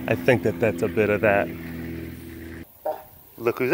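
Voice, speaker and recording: A man keeping big cats, narrating a casual vlog outdoors and cooing softly at the animals in baby talk. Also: fairly low pitch, fairly even intonation, measured pace, long pauses, slight background noise. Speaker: big cat keeper.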